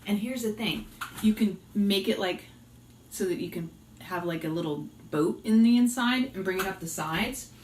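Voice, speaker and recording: A woman's voice: medium pitch, moderate pace, darkish tone. A talkative woman with a light Boston accent chats to her viewers while she cooks. She sounds a little distant from the mic in an echoey room, with faint background noise. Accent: slight Boston. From Boston area. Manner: chatty, giggly, talks to viewers. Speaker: vlogger and yoga teacher. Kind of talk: casual cooking chat.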